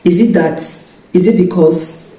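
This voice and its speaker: A woman's voice: lowish voice, a little slow, mellow. A young woman giving casual marriage advice. She checks in often with her listeners and laughs between points. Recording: echoey room, mic at a distance.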